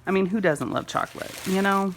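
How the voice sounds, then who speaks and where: A woman filming an excited unboxing vlog at home, gushing and gasping with delight over each gift. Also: medium pitch, fairly quick, slight background noise. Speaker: homeschool mom vlogger.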